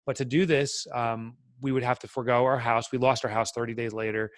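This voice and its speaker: Man, middle-aged, podcast guest, candid storytelling, earnest, reflective, medium pitch, dry recording. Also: fairly even intonation, brisk, no room sound. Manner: earnest and reflective, with many fillers.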